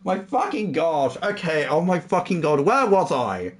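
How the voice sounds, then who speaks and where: A man's voice: a little high, big pitch swings, unhurried. A young man talking casually to his livestream chat, moving from a somber farewell talk to exasperated, heavily swearing outbursts. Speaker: streamer.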